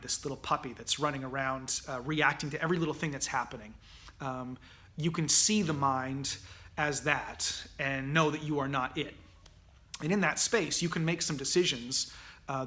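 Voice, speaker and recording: Bright-voiced male acting teacher. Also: on the high side. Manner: relaxed, many fillers and restarts, acts out anxious inner voices. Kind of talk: conversational lecture on mindfulness.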